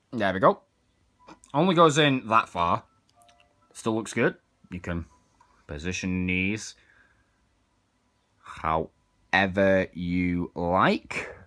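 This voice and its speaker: Man, lowish voice, casual toy review, hands-on demo talk. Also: fairly bright tone. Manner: chatty, hands-on demonstrating.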